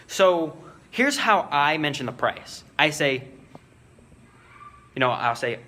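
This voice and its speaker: A man's voice: a little high, animated, slow pace, pauses often, bright, forceful tone. A man talking casually to his viewers in a vlog and coaching them on sales in a loose, chatty way, full of fillers. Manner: coaching, talks straight to viewers. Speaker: vlogger giving sales advice.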